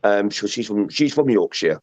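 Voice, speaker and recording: A man with a London accent chats casually as a guest, rambling through his points with lots of fillers and repeats. His voice sits fairly low and dry, and the recording sounds muffled and lo-fi. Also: animated, moderate pace, darkish tone, dry recording. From England. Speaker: guest paranormal investigator. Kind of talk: casual chat. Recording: muffled lo-fi audio.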